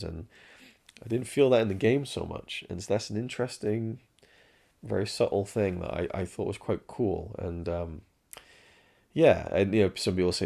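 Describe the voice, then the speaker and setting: Gravelly deep-voiced man ranting casually. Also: normal speed, darkish tone. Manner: rambling, frank, swears freely, many restarts. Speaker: show reviewer. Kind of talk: casual spoken review.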